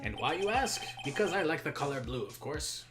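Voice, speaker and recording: A smug, self-important corporate boss who lords it over everyone and talks in grand, invented words, as a French Canadian man puts him on. The voice swoops up and down in a lively way, with a touch of a French Canadian accent and music playing behind. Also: on the high side, a little fast. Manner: grandiose, showy made-up big words. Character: pompous arrogant male corporate CEO.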